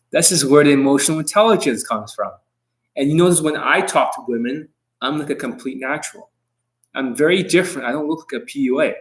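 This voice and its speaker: A man gives dating advice in a livestream monologue, brash and combative, swearing frequently and bragging about himself in the third person. His voice is mid-range with a fairly bright tone, and the recording quality is poor.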